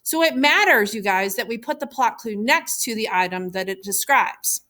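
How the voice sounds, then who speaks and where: A woman teacher giving a recorded lesson, explaining clearly and patiently. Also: a little high, expressive, moderate pace, bright, forceful tone.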